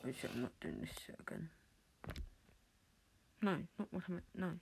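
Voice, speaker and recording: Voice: medium pitch, huge pitch swings, normal speed, creaky, long pauses, noisy background. A streamer playing a story game, muttering casually, reading dialogue aloud and swearing at the choices. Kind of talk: casual gameplay commentary.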